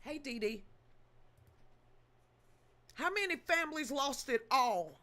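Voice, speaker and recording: A woman's voice: high voice, lively intonation, slow pace, pushed and bright. A woman hosting a live news commentary stream, talking emotionally and profanely, often repeating herself and greeting viewers in the chat by name. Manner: stammering repetitions. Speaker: livestream news host.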